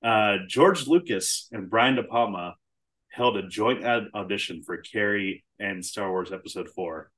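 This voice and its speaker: Man, podcast co-host, casual film chat, lowish voice, laughs a lot. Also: unhurried. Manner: animated, swears casually, laughs often.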